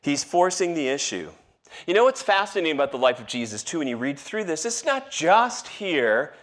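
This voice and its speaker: A man preaching a sermon in a relaxed, conversational way, acting out quoted lines with rising and falling voice. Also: fairly high pitch, moderate pace. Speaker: pastor.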